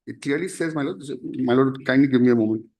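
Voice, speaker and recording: A man arguing a case as an advocate in a courtroom, formal and halting, constantly addressing the bench. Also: medium pitch, a little mellow. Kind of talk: courtroom argument.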